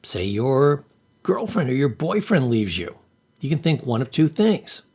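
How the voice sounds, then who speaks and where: Gravelly, husky self-help teacher, animated. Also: male voice, mid-range voice, measured pace. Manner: animated, acts out example thoughts in quoted voices. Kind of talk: motivational talk to camera.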